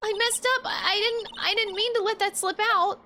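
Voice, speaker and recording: A woman's voice: very high-pitched, steady tone, fairly quick, pitched above the performer's own voice. A woman voicing a frightened young woman witness who pleads and falters. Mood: pleading. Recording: game music behind.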